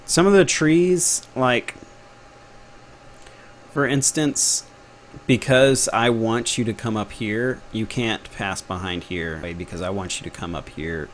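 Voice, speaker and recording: In a slow, lowish voice with slight background noise, a young Texan game developer with a Texan accent leads a relaxed live-stream tutorial. He keeps it chatty and jokey, muttering to himself as he works.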